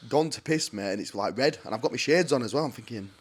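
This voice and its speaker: A man's voice: mid-range voice, expressive, quick pace, husky. A young man, telling stories as a podcast guest in a blunt, sweary, chatty way. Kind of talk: casual storytelling.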